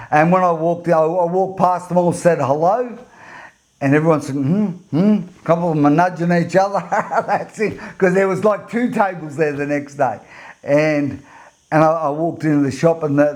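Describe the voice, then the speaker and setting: A man's voice: fairly high pitch, a little mellow. A middle-aged man from Australia, a men's coach telling a story in a motivational talk, rambling, repeating words and laughing as he goes. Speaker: men's coach and podcast host.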